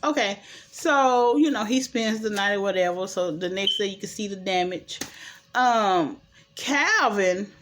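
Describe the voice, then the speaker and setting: A woman, chattily recapping a TV drama episode and acting out the characters' lines. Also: on the high side. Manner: chatty, animated retelling with quoted dialogue and opinions. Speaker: show recap host.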